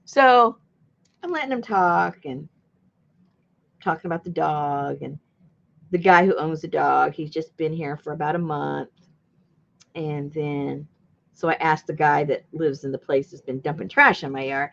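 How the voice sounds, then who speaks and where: A woman's voice: low voice, a little slow, creaky, pauses often, lo-fi sound. A woman chatting casually while she crafts. She tells a long rambling story, laughs often and acts out what people said. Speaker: junk journal crafter and channel host.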